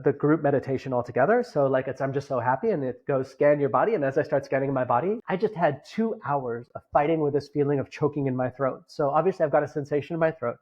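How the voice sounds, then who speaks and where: A man telling a personal story in a casual, animated way, acting out his own inner voice. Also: fairly high pitch, muffled recording.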